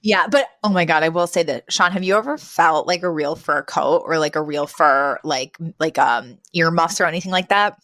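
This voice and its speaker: A woman co-hosting a podcast in a casual chat, rambling and animated and often laughing. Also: deep voice, normal speed, few pauses, dry recording, studio quality. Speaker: podcast co-host.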